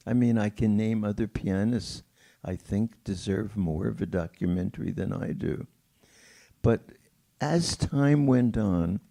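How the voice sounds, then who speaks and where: Speaking in a lowish voice with vocal fry, an older man, a pianist, recounts stories during a theater film Q&A. He takes his time, chuckles warmly, and performs the voices of those he quotes.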